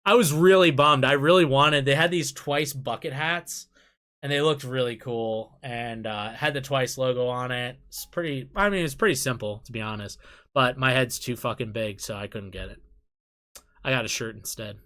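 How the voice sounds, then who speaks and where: A man's voice: mid-range voice, normal speed, a bit bright. A young man chatting casually on a live stream, reading and answering chat, swearing freely and often breaking into laughter.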